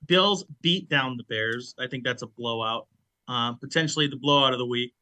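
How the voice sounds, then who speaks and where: Confident man co-hosting sports podcast, bright forceful voice, dry close sound. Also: medium pitch, normal speed, no room sound. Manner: confident, decisive. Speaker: podcast co-host. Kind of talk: casual sports podcast chat.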